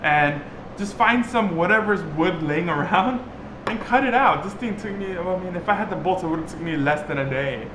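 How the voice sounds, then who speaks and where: Man, casual DIY vlog, home workshop, slightly high voice, chatty with fillers, echoey room, music behind. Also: normal speed, background noise. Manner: chatty, filler-heavy, restarts often. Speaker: DIY vlogger. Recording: roomy workshop, music playing underneath.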